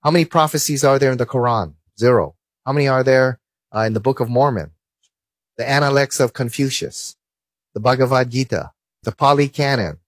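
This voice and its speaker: A man giving a lively Christian apologetics talk, full of stories and rhetorical questions. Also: mid-range voice, brisk, no echo. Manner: animated, storytelling, rhetorical questions.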